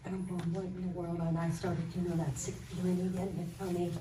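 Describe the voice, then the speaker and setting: A woman's voice: on the low side, a little fast. A woman telling a personal story to a church group, acting out the conversations in it. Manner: animated, acts out quoted dialogue. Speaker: guest sharing a testimony. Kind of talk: casual storytelling testimony. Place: church hall. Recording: roomy hall, mic far off, faint noise.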